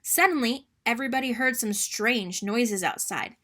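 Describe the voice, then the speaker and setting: Bright, expressive woman reading aloud. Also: on the high side, measured pace. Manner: expressive, sing-song narration. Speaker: children's book reader. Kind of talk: read-aloud storytelling.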